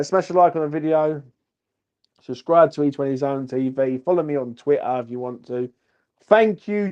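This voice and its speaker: A medium-pitched, darkish male voice comes through with its highs cut off as a drunk football fan channel host rambles in a post-match reaction vlog. He swears a lot and keeps repeating "do you know what I mean."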